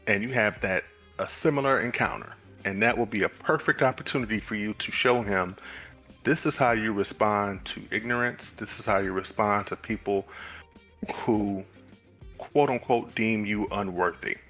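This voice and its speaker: A man co-hosting a casual live stream, speaking in a measured, thoughtful way and stammering as he begins his points. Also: on the low side, a bit bright, soft background music. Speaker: co-host.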